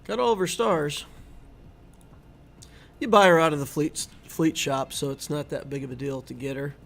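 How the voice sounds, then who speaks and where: A man's voice: fairly high pitch, normal speed, gravelly, a bit bright. A middle-aged man hosting a gaming channel, chatting casually and easily with his viewers while he streams. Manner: chatty and easygoing, talking to viewers. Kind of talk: casual live-stream commentary.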